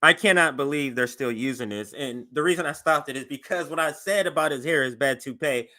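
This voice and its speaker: A man hosting a show, giving animated political commentary as he reacts to news clips. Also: a little high, a little fast. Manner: animated and conversational, voice jumps up for emphasis.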